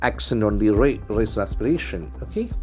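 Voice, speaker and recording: A man with a fairly low voice teaches vocabulary from newspaper headlines. He repeats each word several times, spells some out letter by letter, and stresses syllables with care. Soft music plays faintly behind him. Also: lively intonation. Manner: slow, repetitive, spells out and stresses words. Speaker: English language trainer.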